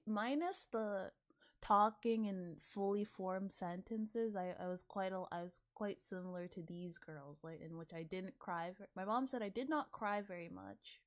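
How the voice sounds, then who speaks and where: Slow, giggly young woman streamer. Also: mid-range voice. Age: 20s. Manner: giggly, rambling, swears, lots of "like". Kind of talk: casual reaction chat.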